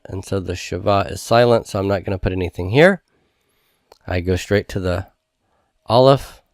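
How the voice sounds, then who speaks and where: A man with a very low voice who works through homework slowly and methodically, one step after another. The sound is dry and close, with no room echo at all. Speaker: teacher. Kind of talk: homework review lesson.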